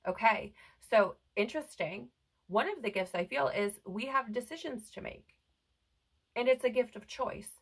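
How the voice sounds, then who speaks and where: A woman's voice: on the high side, animated, moderate pace, husky, rough recording. Earnest woman giving a tarot reading. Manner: earnest, reassuring, says "right?" often. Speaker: tarot reader. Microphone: headphones on, close mic.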